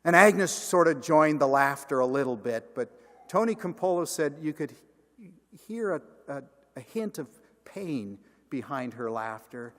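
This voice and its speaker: Senior pastor in a sermon, animated storyteller, fairly high voice, big church reverb. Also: male voice, measured pace. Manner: animated, acts out every character. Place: large church sanctuary.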